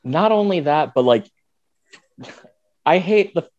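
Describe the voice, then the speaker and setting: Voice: medium pitch, expressive, slow, darkish tone, dull audio. A guest in a casual chat who rambles, packing the talk with "like" and acted-out quotes.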